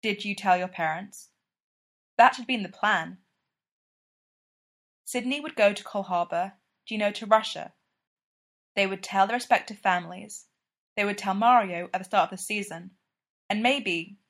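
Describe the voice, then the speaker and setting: A woman's voice: mid-range voice, normal speed, long pauses. Woman reading fiction aloud. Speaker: reader.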